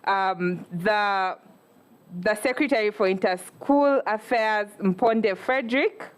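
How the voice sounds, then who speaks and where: A woman speaks at a medium pitch as she moderates a student election. She calls candidates to the stage in brisk, businesslike announcements.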